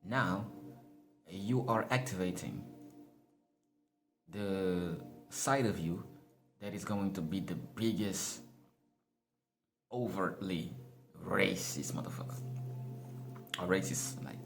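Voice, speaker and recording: A man's voice: sits low, slow, pauses often, soft background music. A man giving a casual motivational monologue, laughing often, swearing and calling his listeners y'all. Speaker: motivational speaker.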